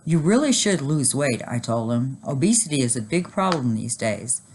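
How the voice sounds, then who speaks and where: A woman teacher reading a children's chapter book aloud, animated and expressive. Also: very deep voice, normal speed, a little hiss or hum.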